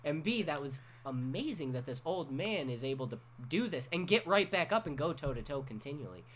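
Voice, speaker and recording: A man in a casual podcast chat, telling a story with animated energy and swearing freely. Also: a little high, a little fast.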